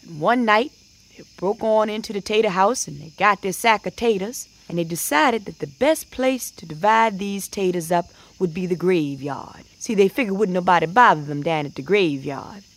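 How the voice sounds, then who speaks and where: A woman tells an old folk tale in a relaxed, folksy dialect. She lets her voice rise and fall, slipping into sing-song rhythms for the characters. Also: medium pitch, normal speed. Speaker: storyteller. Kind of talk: oral folk storytelling.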